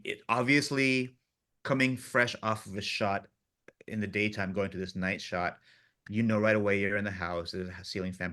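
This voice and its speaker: Bright-voiced man telling lively set stories. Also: deep voice. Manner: animated storyteller, acts out crew voices, laughs often. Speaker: film director, interview guest. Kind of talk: casual interview chat.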